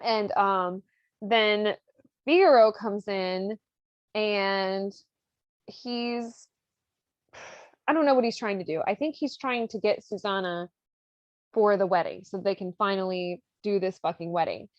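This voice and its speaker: A woman's voice: medium pitch, unhurried, long pauses, dry recording, lo-fi sound. A woman hosting a podcast, casually retelling an opera plot with loose, profane talk full of "like". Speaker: podcast host.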